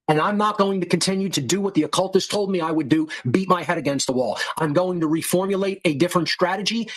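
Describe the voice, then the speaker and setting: A husky, somewhat high-pitched man rails at his podcast audience. He lectures with open contempt and throws in insults and swearing, in the manner of a heated monologue. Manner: insulting with profanity. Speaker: podcast host.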